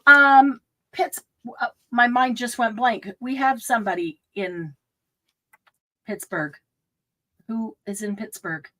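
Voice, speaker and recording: A woman's voice: a little high, steady tone, takes it slowly, pauses often, sharp tone. Middle-aged woman hosting a live craft stream, chatty, laughs a lot, rambles. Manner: chatty, laughs often, loses her train of thought. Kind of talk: casual live-stream chat.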